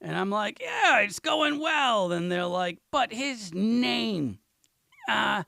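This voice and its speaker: Guy doing a raspy high-ish defensive buddy, stammers a lot. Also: takes it slowly, a bit bright, no room sound, full character voice. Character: defensive, rambling grown man pal.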